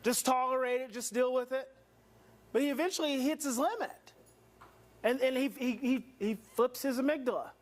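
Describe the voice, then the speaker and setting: A man's voice: extremely high pitch, normal speed. A man presenting a parenting and healing seminar, explaining video clips and posing rhetorical questions to the audience. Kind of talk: teaching seminar commentary.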